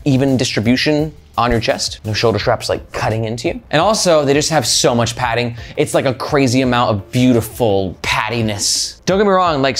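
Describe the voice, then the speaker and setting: A man hosting a casual backpack review, energetic and jokey, talking straight to the viewer. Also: medium pitch. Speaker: backpack reviewer, channel host. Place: mostly indoors, one stretch walking outdoors.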